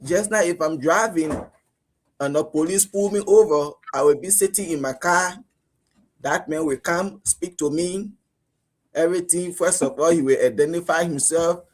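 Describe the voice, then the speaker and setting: A Liberian man giving animated talk radio commentary, acting out police stops as he argues. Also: normal speed. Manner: animated, rising pitch when outraged, acts out police exchanges. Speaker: radio panelist.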